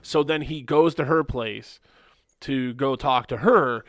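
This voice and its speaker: A man's voice: medium pitch, takes it slowly, fairly bright tone, no echo. A man co-hosting a podcast, casually retelling movie scenes in a loose, rambling way full of "like" and restarts. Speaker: podcast co-host. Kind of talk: casual movie review chat.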